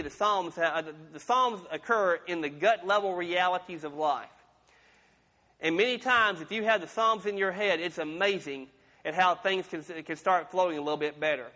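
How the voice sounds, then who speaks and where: A pastor with a sharp, high-pitched voice preaches in a church sanctuary, keeping it folksy and conversational with funny asides. The large room gives the recording a long reverb.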